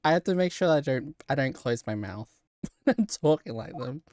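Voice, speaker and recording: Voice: mid-range voice, expressive, normal speed, a little mellow, dry recording, clean studio sound. A streamer chatting casually while playing a story game, laughing often, swearing and restarting sentences. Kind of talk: casual live gameplay chat.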